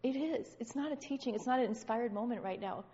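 A woman's voice: on the high side, fast talker, dark tone. A woman sharing with her church congregation, talking fervently, repeating phrases and stammering. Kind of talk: impassioned spontaneous exhortation. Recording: dull, echoey hall recording.

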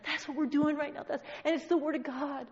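A woman with a high, gravelly voice, steady and darkish in tone, speaks briskly to her church congregation. Her fervent, spontaneous exhortation is full of repeated phrases and stammering. The recording sounds dull and echoey, as if made in a hall.

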